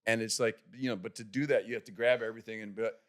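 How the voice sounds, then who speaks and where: A man's voice: lowish voice, steady tone, fast talker, a bit bright. A man on a podcast telling a comic anecdote, restarting and repeating words often and acting out the voices in his story. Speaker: podcast guest. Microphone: podcast studio microphone.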